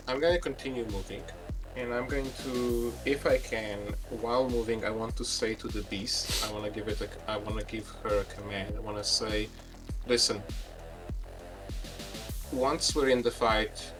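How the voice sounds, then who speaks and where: A man's voice: on the low side, level tone, moderate pace. A man playing a tabletop game, asking the storyteller questions in a hesitant casual way. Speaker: player. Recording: distant mic with loud music.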